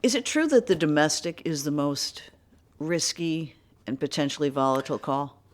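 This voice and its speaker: A woman's voice: deep voice, animated, moderate pace. A woman interviewer asking brief, curious questions.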